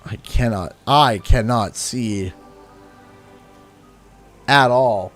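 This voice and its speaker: A man's voice: mid-range voice, very slow, a bit bright, soft background music. A man from Canada chatting casually while live-streaming a video game, playfully exaggerated and sing-song when he complains. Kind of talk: gaming livestream chat.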